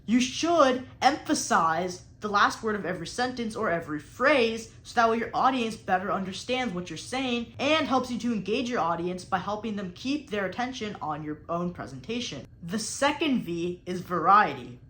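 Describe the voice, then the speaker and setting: Speaking at normal speed with few pauses, a young woman who coaches debate teaches speaking technique in an animated, slightly bright, medium-pitched voice. She purposely emphasizes key words and varies her tone as she explains. Echo from the room is audible.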